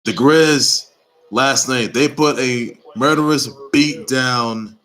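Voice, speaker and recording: A man with a bright, forceful voice runs through the day's sports news in a loose, unscripted way. He circles back on his own phrases and pushes hard on his points with emphatic exhortations. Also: mid-range voice, takes it slowly, poor audio. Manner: rambling and repetitive, with emphatic exhortations. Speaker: sports report host. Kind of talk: casual sports news commentary.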